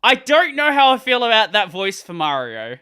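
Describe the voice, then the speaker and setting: Lively, bright-voiced streamer guy. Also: high-pitched, normal speed, clear, resonant tone. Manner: rambling, restarts sentences, laughs often. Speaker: gaming streamer. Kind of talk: casual live-stream commentary.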